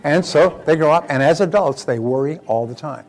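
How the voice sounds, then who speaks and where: This older motivational speaker has a fairly high, darkish voice and speaks fairly quickly. He addresses his audience conversationally, sharing stories and repeating words along the way.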